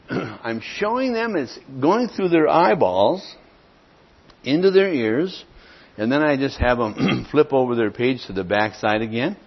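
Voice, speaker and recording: Husky man teaching, dull lo-fi recording. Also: mid-range voice. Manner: often clears his throat; plain conversational instruction with frequent "okay?". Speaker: evangelism teacher. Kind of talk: explaining a gospel tract step by step.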